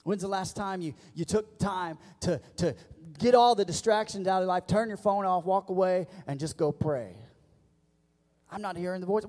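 Male pastor, high voice, emphatic sermon delivery, church hall echo. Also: moderate pace. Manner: preaching with call-and-response, rising to loud emphatic peaks. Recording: long church reverb.

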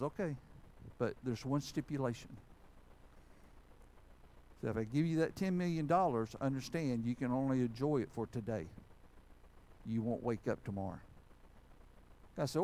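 Man, pastor preaching, folksy storyteller, middle pitch, faint church noise. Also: expressive, normal speed, long pauses, warm tone, low-quality recording. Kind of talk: sermon. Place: church sanctuary.

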